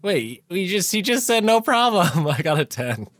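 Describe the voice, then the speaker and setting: A man's voice: high-pitched, sing-song, fairly bright tone, no room sound. Giggly man playing a tabletop game. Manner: giggly and quick. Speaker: player. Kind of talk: casual tabletop play.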